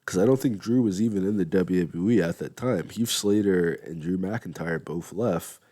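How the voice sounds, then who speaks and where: A man's voice: sits low, normal speed, dark tone. A young man hosting a casual wrestling commentary show, rambling and conversational, yawning now and then. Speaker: wrestling podcast host.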